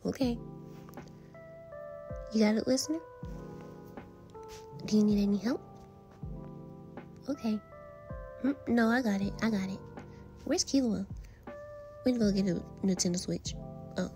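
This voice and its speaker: A woman's voice: mid-range voice, unhurried, pauses often, warm tone, soft background music. A woman performing a casual fan role-play audio drama, trading slangy, teasing banter as she voices several friends.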